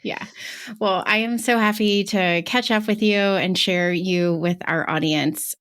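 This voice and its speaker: A woman's voice: medium pitch, steady tone, measured pace, fairly bright tone, smooth. A woman hosting a podcast, upbeat and chatty, laughing along and cutting in with questions. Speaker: podcast host. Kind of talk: casual interview.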